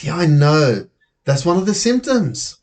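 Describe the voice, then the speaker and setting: A man voicing a cheeky schoolboy in a children's story, reading his lines with bright excitement. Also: a little high, measured pace, pitched above the performer's own voice. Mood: cagey, cheeky.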